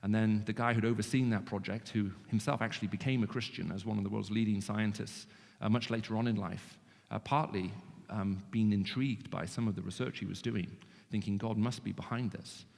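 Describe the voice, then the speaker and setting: A man with a British English accent who grew up in the Middle East, giving an animated, joking evangelistic talk to students with frequent restarts. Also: lowish voice, a little fast, vocal fry, hardly any pauses. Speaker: guest speaker. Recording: long hall reverb.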